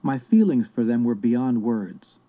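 A man narrating a book in the first person in a measured, reflective way. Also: mid-range voice, lively intonation, narrow, tinny audio. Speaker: audiobook narrator.

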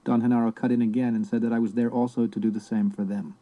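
A man narrating a book in the first person in a measured, reflective way. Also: mid-range voice, level tone, mellow, poor audio. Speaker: audiobook narrator.

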